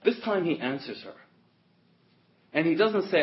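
A man's voice: on the high side, sing-song, measured pace. A man preaching an expository sermon, emphatic, repeating and stressing his points. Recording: dull lo-fi audio recording.

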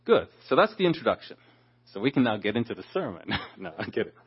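A man's voice: lowish voice, big pitch swings, fast, slightly rough. A man preaching a Bible study, explaining a passage verse by verse and acting out the people he quotes. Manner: expository, acts out quoted speakers. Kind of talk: Bible teaching. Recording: dull lo-fi sound.

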